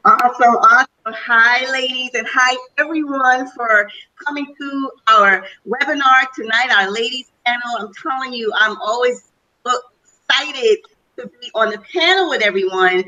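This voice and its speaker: A woman's voice: a little high, normal speed, pushed and bright, lo-fi sound. A woman speaking as a panel guest on a webinar, telling her personal story with enthusiasm. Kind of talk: testimonial on a webinar call.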